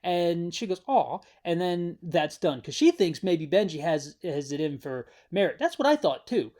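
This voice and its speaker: A man's voice: a little high, lively intonation, moderate pace, darkish tone. Man rambling wryly through a show recap. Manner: rambling, wry, talking straight to the viewer. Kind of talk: casual spoken recap.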